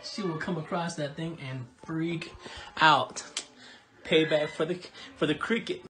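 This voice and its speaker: A young man quietly explaining a prank he is playing on his sister, in a sneaky, giggly way. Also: fairly high pitch, a little slow. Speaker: vlogger's brother. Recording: noisy home recording.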